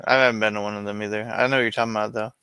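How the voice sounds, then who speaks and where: Gravelly-voiced man rambling profanely. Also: on the low side, little pitch movement, rapid-fire, sharp tone, slight background noise. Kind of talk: casual chat.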